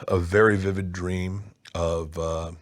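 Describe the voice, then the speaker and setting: Comedian, male, lowish voice, halting earnest storyteller. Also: level tone. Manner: earnest and halting, with many restarts. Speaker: comedian guest. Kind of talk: casual storytelling.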